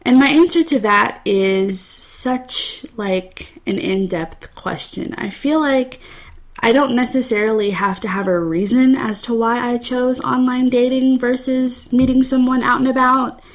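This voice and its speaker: A woman's voice: a little high, measured pace. Candid young woman podcasting solo. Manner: candid, chatty, personal storytelling. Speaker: podcast host. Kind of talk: casual solo podcast talk.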